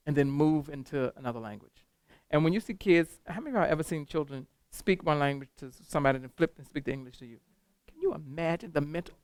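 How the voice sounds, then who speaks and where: A man leading a teacher training workshop, lively and animated, quizzing the room with questions as he goes. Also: on the high side, clean tone, dry recording. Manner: animated, talks to the room with call-and-response questions. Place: classroom.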